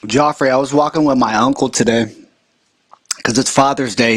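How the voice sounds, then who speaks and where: A man's voice: medium pitch, fairly even intonation, moderate pace, fairly bright tone. A man hosting a podcast, telling a story casually and rambling with lots of fillers. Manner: rambling, full of fillers and restarts. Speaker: podcast host. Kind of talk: casual chat, comic storytelling.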